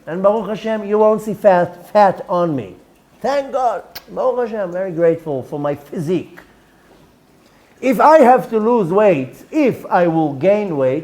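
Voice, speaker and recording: Male rabbi, high-pitched and mellow, earnest lecturing style that circles back on its words. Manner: earnest, repeats words, sprinkles Hebrew terms. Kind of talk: religious lecture.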